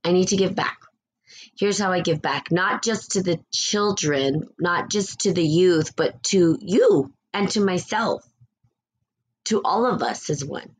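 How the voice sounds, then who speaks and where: A woman's voice: lowish voice, slow, slightly rough. A woman hosting a spiritual talk show, speaking in a blunt, candid, casual way, swearing freely and laughing now and then. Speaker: spiritual podcast host.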